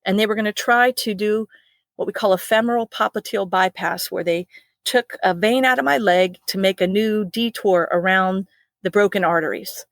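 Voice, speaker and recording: A woman's voice: medium pitch, no room sound. A middle-aged woman, a flight nurse, earnestly recounting a personal ordeal in an interview, with laughs and restarts.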